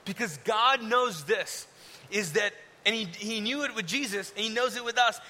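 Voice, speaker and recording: A man preaching a sermon in a casual, conversational way, at times dropping to a soft, hushed tone. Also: sits high, moderate pace. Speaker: pastor. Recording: long hall reverb, faint hiss.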